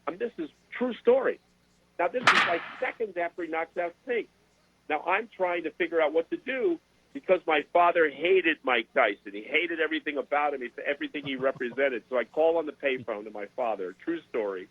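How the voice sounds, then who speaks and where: An older man, a sports broadcaster and guest, telling animated stories in a casual interview and repeating words as he goes. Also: fairly high pitch, brisk, husky. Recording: dry, tinny phone-like sound.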